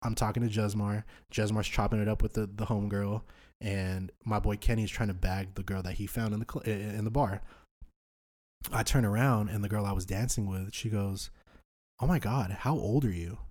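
Young dude w a lowish voice, slangy and sweary, telling a wild story on a podcast. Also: male voice, flat delivery, brisk, a little mellow. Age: 20s. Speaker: podcast host. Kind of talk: storytelling in casual chat.

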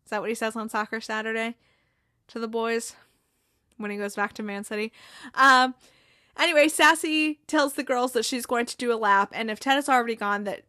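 A woman's voice: on the high side, a little fast, bright, forceful tone, no echo, clean studio sound. A woman hosting a podcast, casually recapping a TV episode, chatty and laughing often.

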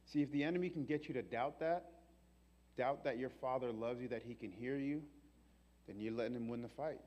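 A man from New York preaching a sermon, animated and fervent, acting out the voices he quotes. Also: medium pitch, brisk. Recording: long reverb of a large hall.

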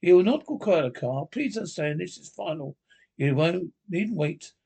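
A man's voice: fairly high pitch, lively intonation, normal speed, creaky, dark tone, husky, full character voice. A man voicing a stern, solemn old male badger who talks in a grave, commanding way.

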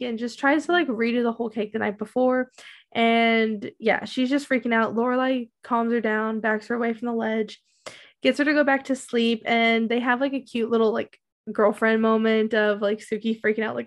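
A woman chatting casually as a podcast co-host, walking through a recap in a rambling way. Her voice sits a little high for a woman, and she leans on "um" and "like" as she goes. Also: fairly even intonation, moderate pace. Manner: rambling, many fillers and likes. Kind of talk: casual chat recapping a TV show.

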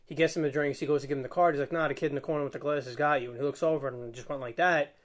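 A man's voice: a little high, fairly even intonation, rapid-fire. A young man telling a rambling, slangy story in casual chat, laughing as he goes. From Staten Island, New York.

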